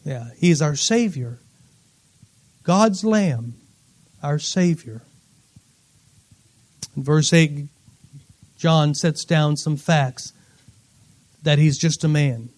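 A man preaching a sermon, reading scripture aloud and swinging between loud emphatic lines and quiet low asides. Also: extremely slow, long pauses. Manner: reads scripture aloud, repeats words, laughs between points.

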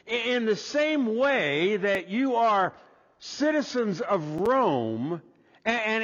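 Slow high-voiced preacher in an echoey hall. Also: male voice, a bit bright, highs cut off. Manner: deliberate, stammers on first words. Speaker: pastor. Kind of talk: sermon.

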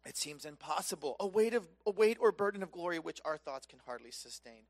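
A man preaching a sermon, impassioned and conversational, swinging between loud emphatic peaks and soft hushed lows. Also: lively intonation, fairly quick. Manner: conversational, casual asides.

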